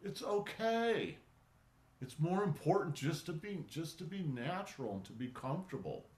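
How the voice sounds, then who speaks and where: A man teaching an online qigong class, talking in a relaxed, conversational way that often stops and restarts. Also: on the high side, normal speed. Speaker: qigong instructor. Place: indoor studio for online class. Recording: roomy echo.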